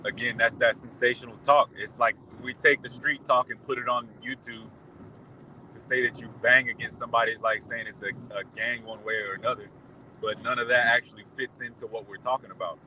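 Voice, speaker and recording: A man calling in to a live online panel, making an articulate and measured argument. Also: medium pitch, steady tone, bright, forceful tone, a little hiss or hum, poor audio. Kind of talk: casual call-in discussion.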